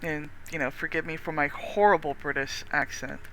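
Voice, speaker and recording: A streamer with a Texan accent, chatting casually with viewers while gaming, rambling warmly with lots of restarts and the odd swear. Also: medium pitch, steady tone, moderate pace, a little hiss or hum.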